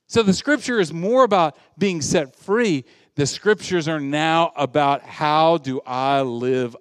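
A pastor giving a sermon to his congregation in earnest preaching style, swinging between loud emphasis and soft asides. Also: fairly high pitch, slow, no room sound, studio quality, in a large hall.

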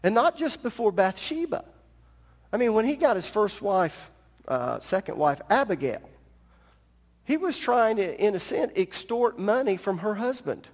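A man preaching a sermon as pastor, telling a story with animated delivery and joking asides. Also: high-pitched, unhurried, long reverb tail.

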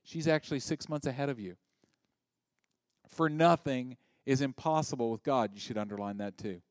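A man preaching a sermon in a conversational, joking way, breaking into loud emphatic bursts. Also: medium pitch, normal speed, dry recording, clean studio sound. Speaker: pastor.

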